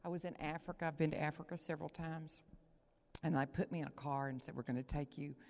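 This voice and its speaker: A woman from Texas, preaching an emotional sermon, moving between loud proclaiming and hushed whispers. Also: low voice, steady tone, fast talker, creaky. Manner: emotional, near tears. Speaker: guest preacher. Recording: long hall reverb.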